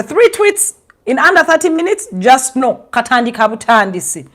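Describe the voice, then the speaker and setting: A young Ugandan woman with a Ugandan accent giving sarcastic, animated commentary, switching languages mid-sentence. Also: high-pitched, moderate pace. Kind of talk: casual commentary monologue.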